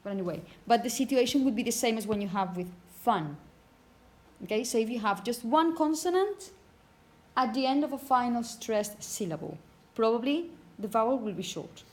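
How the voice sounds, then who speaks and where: A woman teaching phonetics to a class, repeating example words slowly and checking understanding with frequent "okay?". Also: fairly high pitch, animated. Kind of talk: classroom lecture.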